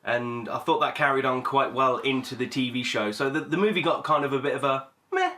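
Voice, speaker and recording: A man's voice: medium pitch, brisk, crowd noise. A man hosting a casual podcast chat, rambling with many fillers and restarts. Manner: rambling, hesitant, lots of fillers. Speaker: podcast host.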